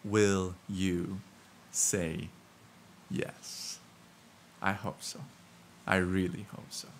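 A Filipino man preaching a sermon, shifting from hushed and slow to loud and excited, with self-mocking humor. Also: low voice, creaky, a little hiss or hum. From Philippines.

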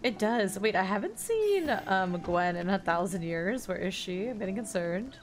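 A woman's voice: medium pitch, big pitch swings, moderate pace. Chatty young woman narrating gameplay. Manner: chatty, frets aloud, hums along. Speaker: let's play streamer. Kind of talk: casual gameplay commentary.

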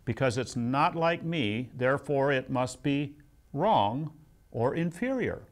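Speaking slowly in a mid-range voice full of lively intonation, this older man from the United States gives a conversational seminary lecture. He tells stories from his own life and pokes fun at himself.

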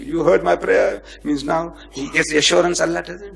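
Speaking briskly with few pauses, a man with a slightly high, creaky voice reads and explains verses in a religious lecture, heard on a rough recording. His style is dramatic and full of rhetorical questions; he acts out quotations and moves between loud stresses and hushed asides.

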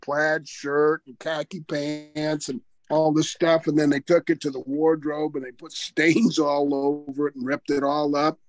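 A man's voice: fairly high pitch, flat delivery, measured pace, hardly any pauses, dry recording. An older man, a former wrestler, telling career stories in a casual interview, chatty and laughing often as he talks.

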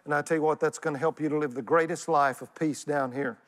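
A man with a Texan accent preaching a sermon as pastor, folksy and animated, calling on the congregation to answer back. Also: a little high, fast talker. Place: church sanctuary. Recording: church hall reverb.

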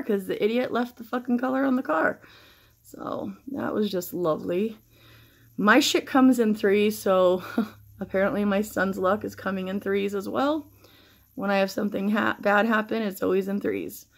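A woman's voice: mid-range voice, vocal fry. A middle-aged woman chatting casually through a makeup tutorial, rambling and swearing freely while shaken and stressed. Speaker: makeup vlogger.

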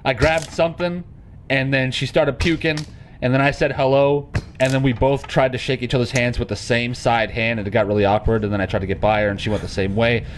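This gaming host plays a horror game with a mid-range, steady-toned voice at a fairly quick pace, with slight background noise. He rambles through casual commentary, joking nervously and jumping at scares.

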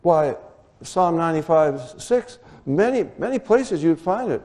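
A man preaching a Bible teaching sermon in an animated way, often rising to excited high exclamations. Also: measured pace.

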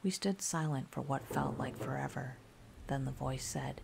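A woman narrating a scary story in a calm, soft-spoken ASMR style. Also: rumbling low, normal speed, creaky, background noise.

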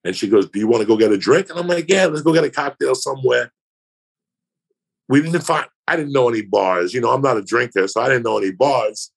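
A man with a rough, gravelly voice and a breathy, husky edge tells a long, crude story as a podcast guest. He rambles and swears, and he slips into quick impressions of the people in it. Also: medium pitch, a bit bright. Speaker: comedian guest telling a story.

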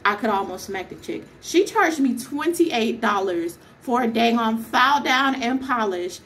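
A woman's voice: on the high side, lively intonation, fairly quick, few pauses, fairly bright tone. A young woman vlogger telling a story as a casual rant, exasperated and emphatic, firing off rhetorical questions.

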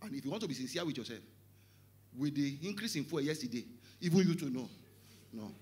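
Preaching with energy, a middle-aged Nigerian man speaks fast at a medium pitch, his English carrying a Yoruba tinge. He shouts, jokes and slips into Yoruba throughout the sermon.

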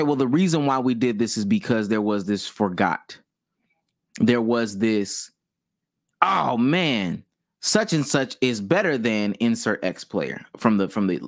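A young man co-hosting a podcast, talking casually and haltingly, restarting phrases as he thinks aloud. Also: medium pitch, big pitch swings, dry recording, studio quality. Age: young adult. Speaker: podcast co-host. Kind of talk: casual debate chat.

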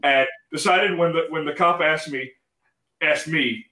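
A man's voice: a little high, a little fast, a bit bright. Blunt-talking man, distant in an echoey room. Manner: blunt, swears casually. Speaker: band member guest. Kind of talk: casual storytelling.

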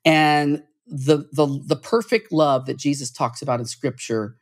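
A man with a husky voice talks as a podcast guest, earnest and preachy. He restarts his phrases often and climbs higher in pitch when a point moves him. His delivery is heartfelt and insistent. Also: steady tone, measured pace, few pauses. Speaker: podcast guest, church author. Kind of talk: podcast interview.

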